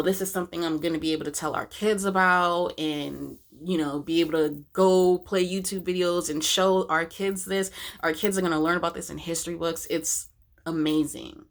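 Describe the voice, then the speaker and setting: A woman speaking candidly in a personal vlog, emotional and halting, often breaking off and restarting her sentences. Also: deep voice. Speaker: vlogger.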